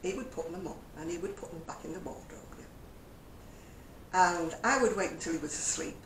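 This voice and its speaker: A woman's voice: lowish voice, fairly quick. An older woman chatting in a vlog, telling stories and chuckling often. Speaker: crochet vlogger. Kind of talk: casual chat. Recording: echoey room with faint hum.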